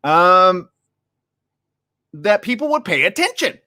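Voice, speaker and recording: A male radio host, talking live from a studio, rambles and jokes in a loose, casual flow. His voice is bright and forceful and sits a little high, and it swings widely in pitch. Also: takes it slowly. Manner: animated, joking, rambling. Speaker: radio morning show host.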